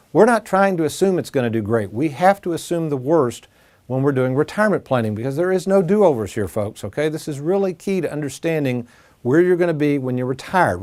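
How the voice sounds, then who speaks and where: A man's voice: a little high, a little mellow. A man hosting a finance show, explaining retirement math at a whiteboard in a folksy way, calling his audience folks and asking rhetorical questions. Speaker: financial advisor and show host.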